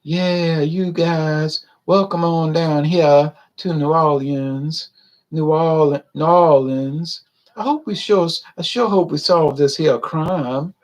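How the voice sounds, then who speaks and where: A man mimicking a TV actor hamming up a syrupy Southern accent. His voice jumps higher than usual and the vowels stretch out in a singsong lilt. The words drag slowly. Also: steady tone. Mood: mocking. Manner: exaggerated, drawn-out, singsong. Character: hammy male TV actor faking a syrupy Southern drawl.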